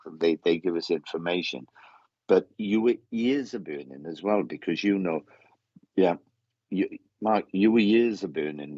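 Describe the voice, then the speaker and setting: A man giving a mediumship reading, halting and repeating his words, calling the sitter mate. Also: low voice, darkish tone, no room sound. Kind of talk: casual spoken reading. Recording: dull lo-fi sound.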